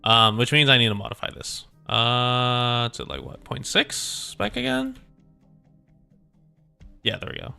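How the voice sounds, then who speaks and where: A man's voice: mid-range voice, huge pitch swings, a little slow, vocal fry, long pauses, sharp tone, clean tone, soft background music. A male streamer chatting casually and laughing often while reading a game story aloud at his desk mic. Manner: laughs often, self-amused, rambling.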